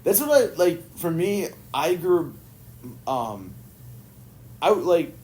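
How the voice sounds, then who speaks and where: A man's voice: a little high, very animated, takes it slowly, a little mellow, a little hiss or hum. A man hosting a podcast, laid-back and laughing often while swearing casually. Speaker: podcast host. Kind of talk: casual chat.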